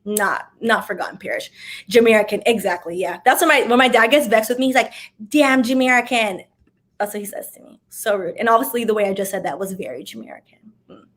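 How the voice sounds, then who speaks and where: A young woman from Miami talks through viewer questions in a loose, chatty vlog. Her voice sits at an ordinary middle pitch. She keeps things sassy, dropping wry little asides as she goes. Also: fast talker, a bit bright. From Miami, USA. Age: young adult. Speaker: vlogger answering viewer questions. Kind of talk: casual Q&A chat.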